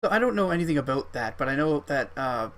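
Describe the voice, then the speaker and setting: A man co-hosting a podcast interview, relaxed as he asks a question. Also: mid-range voice, quick pace. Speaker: podcast co-host.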